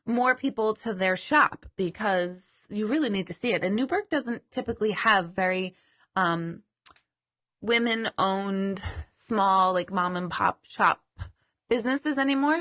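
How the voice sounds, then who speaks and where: A woman's voice: mid-range voice, lively intonation, a little slow, fairly bright tone. A woman hosting a live stream as a psychic medium. She chats casually, mocks herself and swears now and then. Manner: chatty, self-deprecating, swears casually.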